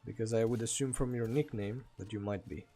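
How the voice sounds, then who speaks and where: A man's voice: fairly low pitch, steady tone, fairly quick, mellow. A man from Greece with a Greek accent, chatting casually and laughing often while streaming a game and answering chat.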